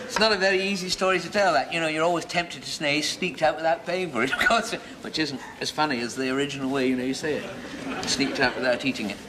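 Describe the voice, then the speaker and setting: A man's voice: fairly high pitch, quick pace, background noise, lightly acted. An actor playing a fussy, chatty pub landlord in a 1970s sitcom, chattering and laughing at his own jokes. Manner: chattering, giggling, self-amused. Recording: studio audience laughter.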